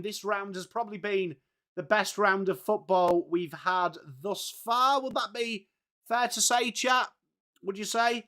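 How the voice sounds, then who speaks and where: A young English man hosting a live football watchalong, chatting with viewers by name and reading team lists, his voice slightly hoarse. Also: high-pitched, a bit bright. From England. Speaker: watchalong host. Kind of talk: casual live stream chat.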